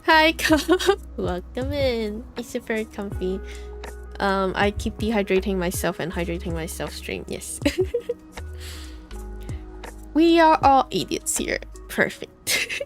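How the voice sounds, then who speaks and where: Lively streamer woman reading aloud. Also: mid-range voice, takes it slowly, pauses often. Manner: giggly, chatty, stumbles over hard names. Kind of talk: reading aloud with casual chat asides. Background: soft lo-fi music.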